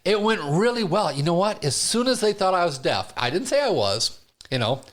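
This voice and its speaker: A man, a stand-up comedian, telling stories in a casual studio interview, quick and chuckling. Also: high voice. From Detroit area. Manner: animated storyteller, quick and chuckling.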